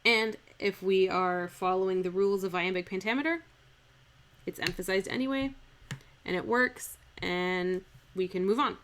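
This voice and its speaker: A woman's voice: mid-range voice, normal speed, fairly bright tone. A woman streaming live, thinking aloud as she scans a Shakespeare speech, chatty and self-correcting, repeating lines to test their stress. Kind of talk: thinking aloud while scanning verse. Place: home streaming setup.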